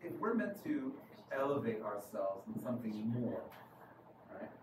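A man's voice: lowish voice, big pitch swings, a little slow. A man with a New York accent, a rabbi giving a conversational sermon and often asking "right?" to his listeners. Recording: echoey room from far off, noisy.

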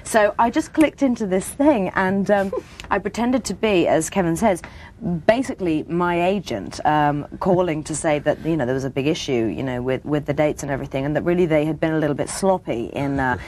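A woman telling a lively anecdote as a guest on a studio talk show, acting out the voices in her story. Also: low voice, brisk, slight background noise. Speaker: actress guest.

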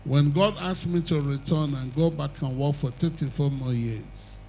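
A man's voice: a little high, moderate pace, mellow, a little hiss or hum, low-quality recording. An older man preaching an evangelistic sermon and altar call, with emphatic, repetitive exhortation and the odd chuckle.

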